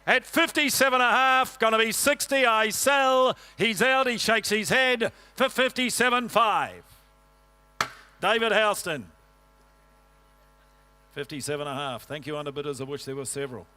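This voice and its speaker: Fast-chanting auctioneer, high bright voice. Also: male voice. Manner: rhythmic rolling bid calls, joking asides to bidders.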